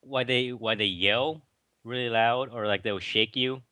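A man's voice: mid-range voice, steady tone, unhurried, sharp tone, dry recording. A young man co-hosting a casual podcast, retelling movie trivia in a rambling way with lots of fillers. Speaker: podcast co-host. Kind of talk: casual chat.

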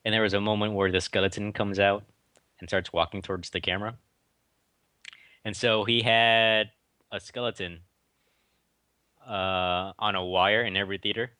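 A man's voice: lowish voice, steady tone, moderate pace, long pauses, sharp tone, smooth, dry recording. A young man co-hosting a casual podcast, retelling movie trivia in a rambling way with lots of fillers. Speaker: podcast co-host. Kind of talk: casual chat.

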